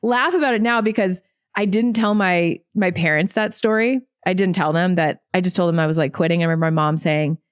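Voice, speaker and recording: A woman's voice: lowish voice, fairly quick, smooth, dry recording. Chatty woman telling her story, dry sound. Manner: chatty, animated, says "like" often. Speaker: podcast guest, business coach. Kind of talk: casual interview storytelling. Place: podcast studio.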